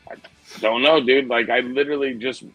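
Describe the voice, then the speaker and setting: Husky, bright-voiced storytelling man. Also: mid-range voice, steady tone, brisk, faint music behind, rough recording. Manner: swearing, laughing storyteller. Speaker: podcast co-host. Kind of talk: casual chat.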